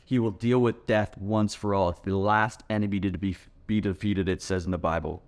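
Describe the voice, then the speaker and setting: A male pastor delivers a sermon in a fairly low voice. His preaching is earnest and emphatic, pressing each point home. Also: steady tone, normal speed.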